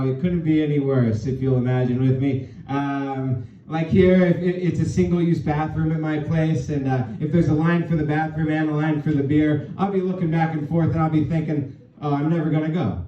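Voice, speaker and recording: A man's voice: a little high, moderate pace, noisy background. A man from California doing a rambling, self-deprecating stand-up set full of fillers. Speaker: stand-up comedian. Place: small comedy club. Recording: roomy, distant, dull club recording. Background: audience laughter.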